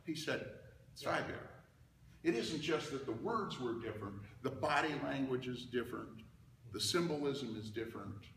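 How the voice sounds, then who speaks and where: An older man speaks with a bright, gravelly voice, spinning an animated story for an audience. He is recorded from some distance in a large, echoing hall, with a long reverb tail and a faint hum of room noise underneath. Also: medium pitch, normal speed. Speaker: speaker giving a talk. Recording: roomy hall, mic at a distance.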